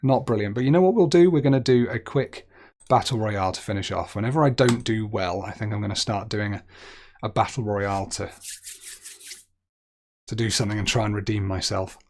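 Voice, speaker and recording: A man's voice: on the low side, fairly even intonation, brisk, pauses often. A young man streaming a geography guessing game, chatting as he thinks aloud and making light of his own mistakes. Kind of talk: gaming commentary.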